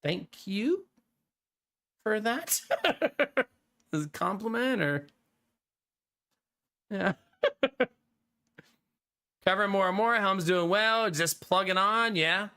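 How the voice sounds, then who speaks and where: A man's voice: high-pitched, slow, long pauses, sharp tone, smooth. A man streaming live, chatting casually with his viewers in a laid-back way and laughing often.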